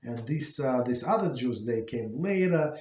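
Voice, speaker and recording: Man teaching, halting, in an echoey room. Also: medium pitch, animated, darkish tone. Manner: halting, many fillers and restarts. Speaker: rabbi teaching a class. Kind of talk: informal Torah class.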